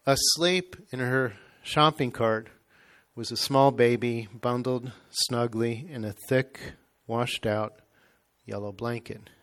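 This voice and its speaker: Male reader, mid-pitched voice, measured reverent reading of a devotional story. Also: steady tone, fairly bright tone.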